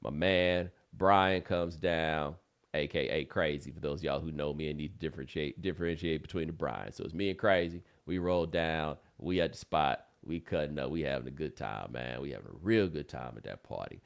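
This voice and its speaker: A man's voice: very deep voice, moderate pace, gravelly, smooth. A man in his forties hosting a podcast, telling stories in loose, colloquial chat. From United States. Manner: loose, colloquial, animated storyteller. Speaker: podcast host. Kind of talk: casual storytelling chat.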